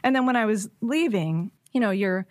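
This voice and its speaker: A woman guest in a casual chat, telling a personal story in an animated way with frequent laughs. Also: mid-range voice, moderate pace, no echo, studio quality. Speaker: podcast guest.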